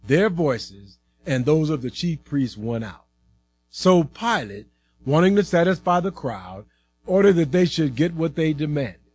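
A man giving a dramatic Bible reading, expressive in delivery. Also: fairly high pitch, a little slow. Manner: expressive, acting out the voices in quotes. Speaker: scripture reader.

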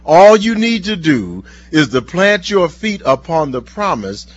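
Earnest, husky-voiced male preacher. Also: a little high, sing-song. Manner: earnest, slowing down for scripture. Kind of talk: sermon with told stories and scripture reading. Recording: dull lo-fi recording.

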